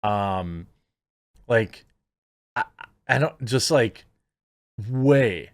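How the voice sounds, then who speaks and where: A man's voice: mid-range voice, expressive, drawn-out words, pauses often, no echo, studio quality. Rambling man in casual commentary. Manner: rambling, incredulous, many "like" fillers. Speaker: YouTube commentary host.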